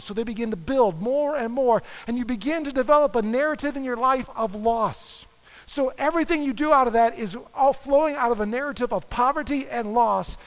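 A man's voice: very high-pitched, a bit bright. A man preaching a sermon as a pastor, reading scripture passages aloud with dramatic emphasis. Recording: long hall reverb.

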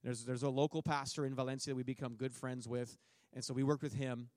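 A middle-aged man, speaking as a missionary to a church congregation, delivers a sermon testimony full of jokes, acting out both his own words and what others said. His voice is medium-pitched, level and a little mellow, moving at a quick pace. The recording is clean studio audio with no room sound.

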